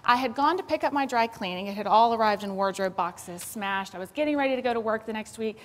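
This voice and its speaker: A woman from Texas with a Southern accent tells a story to a crowd, acting out her own flustered voice as she goes. Her voice sits a little high. Her words ring out with a long reverb in a big hall. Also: fast talker. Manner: animated storyteller, acts out her own panicked voice. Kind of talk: storytelling talk to an audience.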